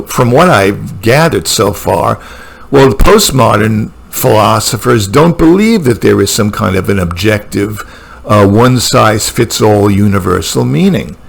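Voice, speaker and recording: A man with a low, gravelly voice thinks out loud in a casual solo talk recorded at home. He muses as he goes, with plenty of fillers and restarts. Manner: musing, with frequent fillers and restarts. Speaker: booktuber talking about philosophy. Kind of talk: casual spoken monologue. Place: room at home with a computer and a painting.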